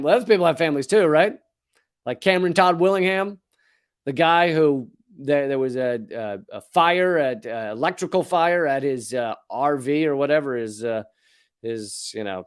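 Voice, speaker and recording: Sarcastic Southern-accented man, rather high voice. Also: measured pace, clear, resonant tone. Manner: sarcastic, profane, chuckles at own jokes. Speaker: comedic political commentator. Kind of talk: comedic commentary monologue.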